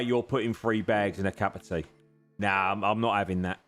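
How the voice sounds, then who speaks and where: A man's voice: fairly low pitch, moderate pace, a bit bright. A man streaming a racing game, chatting with his viewers in a jokey, teasing way and thanking them as he goes. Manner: jokey, teasing banter, grateful to chat. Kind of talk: live-stream chat with viewers while racing. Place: home sim racing rig.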